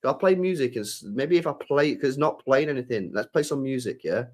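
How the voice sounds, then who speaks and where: A man's voice: mid-range voice, animated, brisk. Laid-back man chatting. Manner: slangy, laid-back, swears freely, repeats himself. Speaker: streamer reading live chat. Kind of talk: casual live-stream chat.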